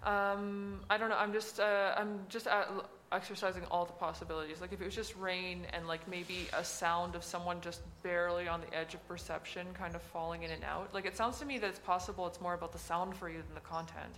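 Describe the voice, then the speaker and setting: A woman's voice: on the low side, steady tone, a little fast, hardly any pauses, a bit bright, slight background noise. A woman hosting a casual interview, thoughtful and hesitant with many fillers. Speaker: host.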